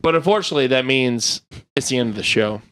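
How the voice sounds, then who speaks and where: A man's voice: mid-range voice, animated, a bit bright, clear, resonant tone. A man hosting a casual podcast, running a quiz and reading the questions out with jokes in between. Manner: reads quiz questions out slowly, jokey. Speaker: podcast host and quizmaster.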